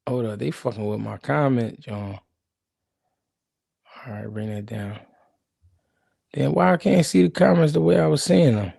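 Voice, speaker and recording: A man's voice: mid-range voice, measured pace, gravelly, long pauses, warm tone, slightly rough, no echo, clean studio sound. A man hosting a live stream, chatting casually and animatedly in slang, talking straight to his chat.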